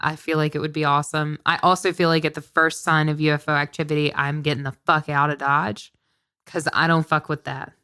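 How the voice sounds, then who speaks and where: Woman podcast co-host, lowish voice, sarcastic banter, swears a lot. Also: level tone, fairly quick, pushed and bright, clear, resonant tone. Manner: sarcastic, joking, swears freely. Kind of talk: casual chat.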